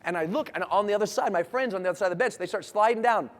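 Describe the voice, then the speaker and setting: A man giving an animated storytelling talk to an audience on a stage, full of sound effects and shouted moments. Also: high-pitched, racing, long reverb tail. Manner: theatrical, shouts and sound effects, laughs while telling. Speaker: motivational speaker.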